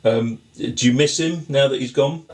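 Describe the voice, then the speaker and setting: A man interviewing a guest, asking questions in a halting, restarting conversational way. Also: medium pitch, darkish tone.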